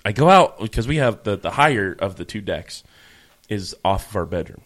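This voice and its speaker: A podcast host in easygoing conversation, winding through stories with frequent fillers and self-corrections. His voice sits on the lower side for a man. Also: very animated, moderate pace. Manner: rambling storyteller, many fillers and restarts. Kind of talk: casual chat.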